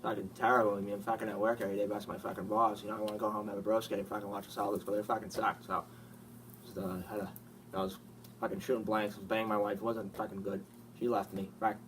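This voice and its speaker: A man's voice: on the low side, flat delivery, fast, fairly bright tone, slight background noise. A man talking as an interviewed sports fan, crude and constantly swearing. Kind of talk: casual mock interview. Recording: distant mic with clear ambience.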